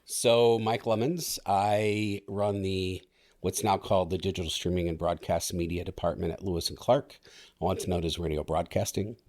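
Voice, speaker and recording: A middle-aged man, a radio instructor and station manager, explaining things in a relaxed podcast interview and laughing easily. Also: sits low, moderate pace.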